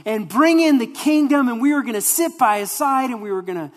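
Wistful, heartbroken male disciple, put on by a preacher, high and pleading, long hall reverb. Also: brisk, lightly acted.

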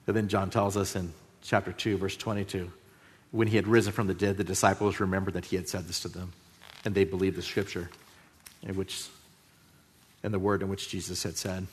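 A man preaching a sermon, moving between loud emphasis and hushed, drawn-out phrases. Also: deep voice, little pitch movement, breathy edge. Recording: long hall reverb.

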